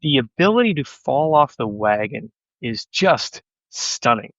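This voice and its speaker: A man guesting on a podcast, speaking as a sales executive in a casual, animated conversation and telling self-deprecating stories. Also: mid-range voice, unhurried, no room sound, highs cut off.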